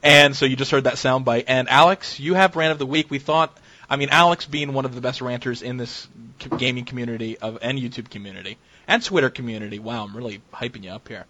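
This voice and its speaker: A man's voice: medium pitch, quick pace, pushed and bright, slight background noise. A young man hosting a casual gaming podcast, chatty and joking as he rambles on. The sound is dull and lo-fi. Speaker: podcast host. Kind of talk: casual chat.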